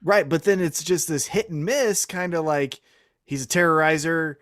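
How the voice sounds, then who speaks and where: A man co-hosting a wrestling podcast in casual chat, animated, with quick asides and some swearing. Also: fairly high pitch. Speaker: co-host.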